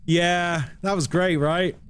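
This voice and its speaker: Wry British man streaming, higher voice. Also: slow, a little hiss or hum. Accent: British English. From Britain. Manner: wry, sarcastic, animated. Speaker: live streamer. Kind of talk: casual live-stream chat.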